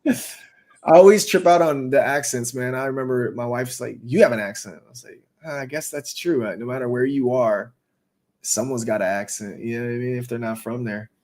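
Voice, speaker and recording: A man's voice: medium pitch, fairly quick, a little mellow. A man hosting a casual live chat, laid-back and slangy, often laughing while he talks. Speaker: host.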